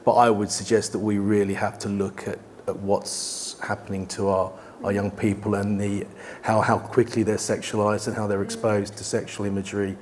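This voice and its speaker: A documentary presenter on a festival panel, speaking earnestly and in a measured way about serious issues. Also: male voice, fairly low pitch, level tone, a little mellow, a little hiss or hum. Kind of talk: casual panel discussion.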